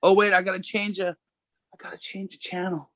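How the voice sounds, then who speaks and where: A woman's voice: mid-range voice, little pitch movement, normal speed, no echo. A woman from Canada talking as a podcast guest over a video call, joking bluntly and swearing freely. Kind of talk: casual chat.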